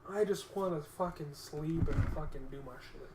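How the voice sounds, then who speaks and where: A man co-hosting a podcast, telling a story in a casual, animated and profane way. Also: on the high side, normal speed, roomy sound, background noise. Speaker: podcast co-host.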